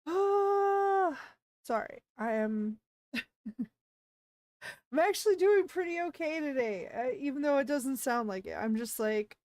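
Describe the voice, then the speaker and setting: A woman streaming live in a casual chat, flustered and panicky as she apologizes and breaks into excited greetings to viewers. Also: sits high, a little slow, pauses often, no room sound. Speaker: VTuber streamer.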